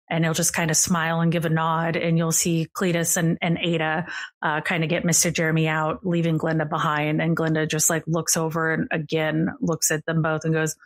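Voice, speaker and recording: A woman's voice: low voice, monotone, fairly quick. A woman narrating a tabletop game as game master in a casual, filler-heavy style.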